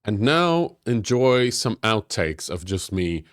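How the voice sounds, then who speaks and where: A man's voice: fairly low pitch, big pitch swings, takes it slowly, fairly bright tone, no echo. A man giving friendly, encouraging instructions for an improv exercise in a tips video. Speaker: game master and improv teacher.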